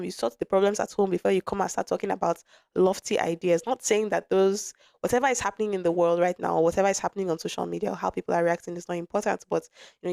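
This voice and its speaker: A young woman hosts her podcast, speaking frankly and chattily, often restarting mid-thought. Her voice sits on the low side and carries a slight wear from a lingering cough. The recording is close and dry, with no room sound. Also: creaky, a little mellow, no echo. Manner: frank, conversational, with frequent restarts and asides. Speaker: podcast host. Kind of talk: candid personal storytelling.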